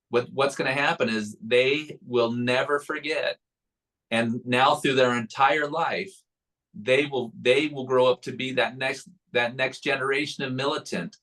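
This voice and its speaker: Man, mid-pitched, firm and measured, pressing an argument in an interview. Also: fairly bright tone, poor audio. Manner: firm, measured, arguing a point. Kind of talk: political interview discussion.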